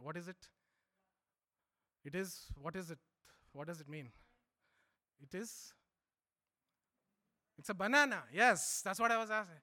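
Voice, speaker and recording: Delivering a sermon, a middle-aged man from India alternates loud, emphatic statements with soft, low asides.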